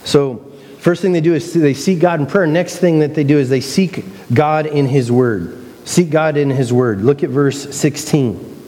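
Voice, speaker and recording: A man's voice: a little high, unhurried, mellow, long reverb tail. A man preaching a sermon in a conversational way, acting out playful mock quotes. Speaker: pastor.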